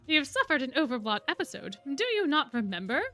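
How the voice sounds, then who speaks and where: A woman's voice: high voice, very animated, fairly quick, sharp tone, faint music behind, exaggerated voice. A woman voicing a formal, theatrical male headmaster.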